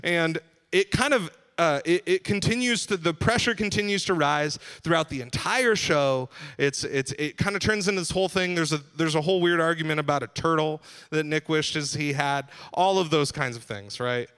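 A man preaching to a gathered group with a fairly high voice. His delivery is loose and conversational, full of restarts and "like"s. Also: moderate pace, fairly bright tone, clear, resonant tone. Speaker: pastor. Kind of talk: sermon.

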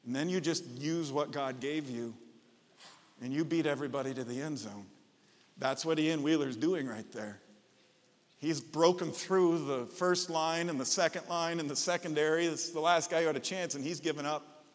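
A man preaching a sermon as pastor, enthusiastic and bursting into loud shouts. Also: on the high side, normal speed, long reverb tail.

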